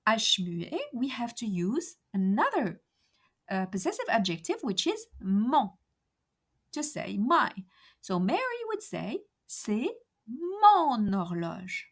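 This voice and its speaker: A woman teaching a beginner lesson, saying example phrases slowly and carefully. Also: on the high side, fairly bright tone, husky. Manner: slow, careful over-enunciated example phrases. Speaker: French teacher.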